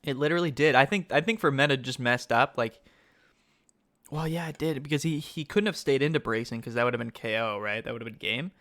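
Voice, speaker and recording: Excitable man commentating a card game. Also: medium pitch, fairly quick. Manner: excitable, thinks aloud, many fillers like "like"; asks the chat questions. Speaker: tournament commentator. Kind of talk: live-stream game commentary.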